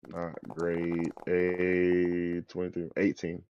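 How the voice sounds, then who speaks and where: Deep slow-talking male player. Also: completely flat delivery, highs cut off, a little hiss or hum. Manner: laid-back, counting dice aloud. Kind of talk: casual game chat.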